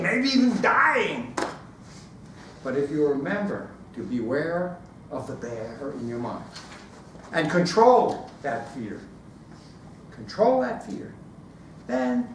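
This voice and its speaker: In an echoey room, recorded from a distance with a little hiss or hum, a man with a fairly high voice performs a storytelling speech for a speaking club. He's animated throughout, using sounds to act out the scenes.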